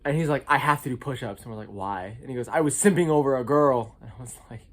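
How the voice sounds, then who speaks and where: A young man with an American accent telling funny college stories in a casual vlog, jumping from loud squeaky outbursts to low mumbled asides. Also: fast talker. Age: young adult.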